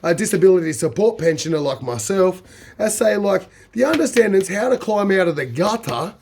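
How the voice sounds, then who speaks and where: A man's voice: sits high, very animated, a little fast, gravelly, a little mellow, a little hiss or hum. An Australian man talking casually to camera, rambling with many fillers. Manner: rambling, fills with "say" and "like". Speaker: vlogger.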